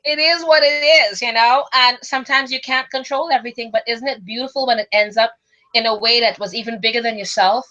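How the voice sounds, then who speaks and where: A woman chatting casually on a spiritual talk show, animated and laughing as she talks. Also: on the high side, brisk, highs cut off. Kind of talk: casual chat.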